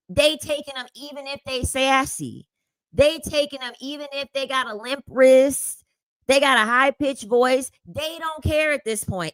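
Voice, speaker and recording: A young woman talking through clips in casual commentary, with a sassy, slangy delivery full of laughter. Her voice is bright and forward. It sits dry and close on the mic. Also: fairly high pitch, no room sound. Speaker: commentary host.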